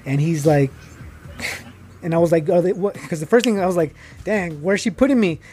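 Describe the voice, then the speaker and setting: High-voiced man telling a story. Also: moderate pace, slight background noise. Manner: animated, acts out quotes, many fillers. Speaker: guest telling his story. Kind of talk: casual storytelling.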